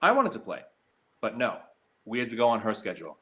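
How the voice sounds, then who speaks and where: A man's voice: huge pitch swings, fairly quick, long pauses, sharp tone. Heated, stammering man streamer. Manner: heated, hurt, stammering with many fillers; mocks others in a shrill high voice when quoting. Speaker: slots streamer. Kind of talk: emotional live stream talk.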